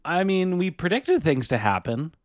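A man's voice: a little high, big pitch swings, moderate pace, dry recording. A man co-hosting a podcast in casual chat, with a dry, wry, easygoing manner. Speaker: podcast co-host.

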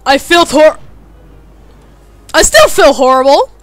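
A woman giving let's play commentary over a game she hosts, swearing a lot and often breaking into shouted, frustrated outbursts. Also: sits high, very animated, takes it slowly, soft background music. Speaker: gaming video host.

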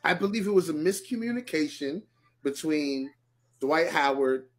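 A man co-hosting a casual podcast, animated and talking in quick bursts. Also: a little high. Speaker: podcast co-host.

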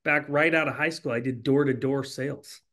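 A man's voice: mid-range voice, fairly even intonation, a little fast, bright, forceful tone. A middle-aged man from California, a company president, chatting easily as a guest in an interview. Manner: easygoing, agreeable, frequent yeahs. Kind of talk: casual interview chat.

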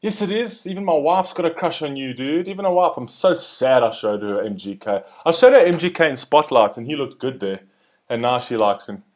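A young adult man giving excited, chatty reaction commentary, often tacking "man" onto his sentences. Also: mid-range voice, fairly quick. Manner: hyped and chatty, often ending phrases with "man". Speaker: music reaction host.

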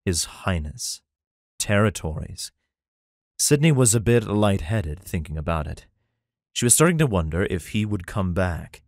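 A man narrating a fantasy romance audiobook in an even, plain storytelling manner. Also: low-pitched, dry recording, studio quality. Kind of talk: scripted narration.

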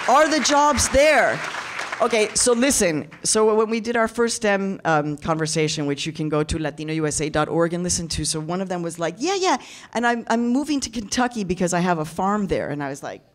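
A woman delivering a passionate keynote speech, mixing in Spanish phrases and acting out quoted voices. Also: fairly low pitch. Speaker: keynote speaker. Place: large event hall with audience.

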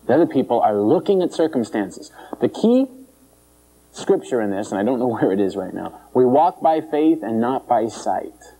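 A man preaching an informal sermon, animated and joking, jumping into high mocking voices and chuckling between points. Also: normal speed, slightly rough, low-quality recording.

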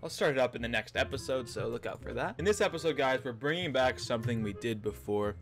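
A young man hosting a gaming vlog, chatting quickly and cheerfully to his viewers. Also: medium pitch. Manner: upbeat, chatty, quick direct address to viewers. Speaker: gaming YouTuber host. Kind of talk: casual gaming vlog commentary.

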